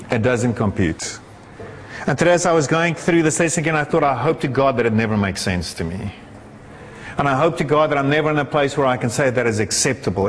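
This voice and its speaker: A man preaching a sermon with passion, his delivery soaring and then dropping into a low, conversational tone. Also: a little hiss or hum. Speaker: pastor. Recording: echoey hall with long reverb.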